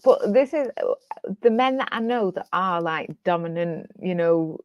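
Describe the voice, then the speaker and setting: A woman's voice: fairly low pitch, expressive, normal speed, no room sound. Blunt, laughing British woman. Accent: British English. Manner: laughs often, blunt and dismissive. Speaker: co-host. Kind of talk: casual chat. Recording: dull lo-fi dry sound.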